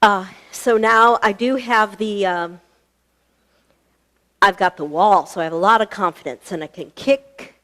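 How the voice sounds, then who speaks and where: A woman's voice: mid-range voice, unhurried, fairly bright tone. A woman teaching a live online yoga class, chatty and encouraging, laughing often and a little out of breath. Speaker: yoga instructor. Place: fitness studio.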